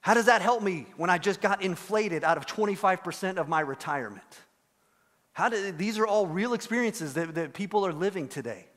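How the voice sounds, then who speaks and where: A man preaching a sermon as pastor, telling a story and acting out the quoted voices with animated delivery. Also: sits high, brisk, big-room sound. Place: church sanctuary.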